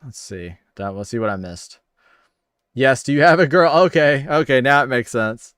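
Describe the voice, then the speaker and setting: A livestream host with a mid-range, expressive voice talks at a moderate pace, sounding a bit bright, clear and resonant. He chats casually, upbeat and friendly, reading viewer comments and thanking people by name. The audio is clean studio sound with no room echo.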